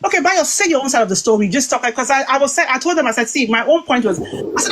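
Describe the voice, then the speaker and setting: A British woman recounting a dispute in an animated, casual account, quoting herself and others with frequent restarts. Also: high voice, fast talker, rough recording. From Britain.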